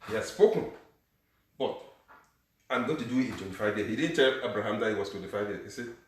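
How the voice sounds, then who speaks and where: A male pastor preaching a sermon, moving between low, quiet passages and shouted high calls, often asking the congregation if they are hearing him. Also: fast talker. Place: church. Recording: echoey room, mic far off.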